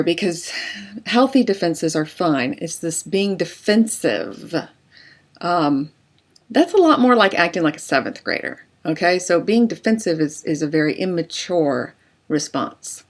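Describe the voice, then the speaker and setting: A woman relationship coach explaining in a conversational way, using everyday examples and casual fillers. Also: fairly low pitch. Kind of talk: explanatory talk to camera.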